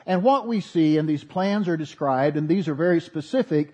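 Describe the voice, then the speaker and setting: Husky-voiced man preaching a sermon. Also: a little high, lively intonation, normal speed, hardly any pauses, dark tone. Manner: earnest preaching with folksy asides. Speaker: pastor.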